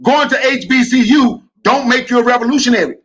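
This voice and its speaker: A man co-hosting a podcast, arguing loudly and combatively in a heated debate. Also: very high-pitched, fairly quick, slightly rough, highs cut off. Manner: loud, combative, repeats questions. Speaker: podcast co-host.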